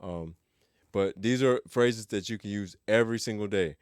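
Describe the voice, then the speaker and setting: A man gives a casual language lesson in a relaxed, joking way, saying each phrase slowly and more than once. His voice sits a little low and sounds smooth and clear. The recording is dry and close, with no room sound. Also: dry recording. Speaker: language teacher.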